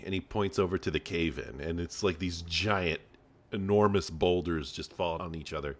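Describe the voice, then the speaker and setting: Deep-voiced man running a tabletop game. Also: normal speed. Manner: relaxed, playful. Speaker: dungeon master.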